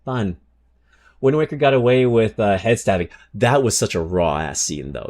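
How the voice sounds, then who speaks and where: A man's voice: fairly low pitch, lively intonation, moderate pace, a little mellow. A man streaming live who chats casually with his viewers, swears freely, and reads game card text aloud. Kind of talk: casual livestream chat.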